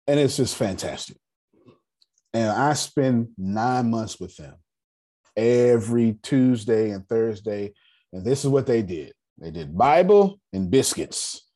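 Slow-paced and dark in tone, with a medium-pitched voice, a man in his thirties runs a personal finance group meeting. He tells stories with emphasis and blunt humor, returning to key phrases again and again.

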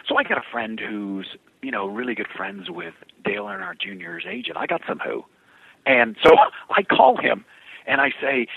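Gravelly-voiced man telling an animated story. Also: a little high, a little fast, no echo, narrow, tinny audio. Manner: acts out quoted voices, builds to uplifting message. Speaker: guest.

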